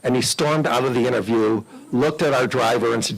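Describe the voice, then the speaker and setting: An older man with a husky voice spins easygoing anecdotes for a club audience. He talks in a chatty, animated way and slips into the voices of the people in his stories. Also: medium pitch, fairly quick, low-quality recording. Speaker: guest speaker at a club meeting. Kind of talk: anecdotal storytelling talk.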